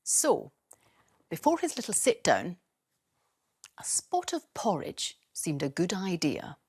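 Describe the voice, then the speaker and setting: Brief: a gentle woman teacher reading a bedtime story, slow and very lively in pitch. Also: breathy edge.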